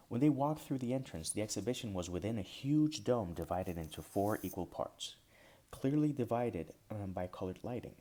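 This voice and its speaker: A man reading his own whimsical story aloud, gentle and unhurried with small restarts. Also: fairly low pitch, animated. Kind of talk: storybook narration.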